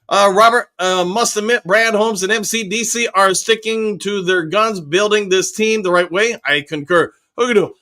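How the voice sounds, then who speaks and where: Hosting a live fan show, a high-pitched man reads viewer chat comments aloud one at a time and answers each. He sounds upbeat and chatty, his bright, forceful voice peppered with casual fillers between thoughts.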